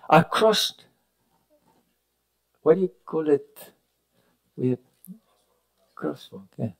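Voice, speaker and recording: A man preaching a sermon at a retreat, telling stories, rising to loud cries and dropping to near whispers, sometimes correcting himself mid-sentence. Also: mid-range voice, expressive, slow pace, pauses often, low-quality recording. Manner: preaching with sudden rises and hushed drops; storytelling with self-corrections. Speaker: pastor. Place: retreat meeting room.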